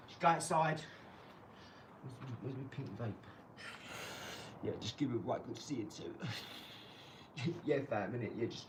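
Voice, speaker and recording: A young man streaming live from his garage, mocking and trash-talking a viewer with sudden loud outbursts. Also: medium pitch, recorded from a distance, a little hiss or hum, poor audio. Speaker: livestreamer. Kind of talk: live stream chat while boxing.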